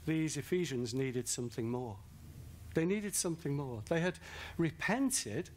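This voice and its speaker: A man's voice: a little high, lively intonation, unhurried, darkish tone, slight background noise. A man from northern England with a Northern English accent, preaching a sermon at a festival and telling a comic story. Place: large festival tent or hall.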